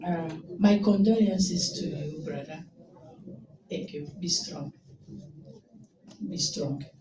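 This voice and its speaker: A woman from Rwanda giving an emotional tribute speech at a memorial, rising at times to loud exclamations. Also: low-pitched, slow, background noise. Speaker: invited speaker at a memorial. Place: indoor event hall. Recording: echoey hall recorded from far off with crowd. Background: crowd of attendees.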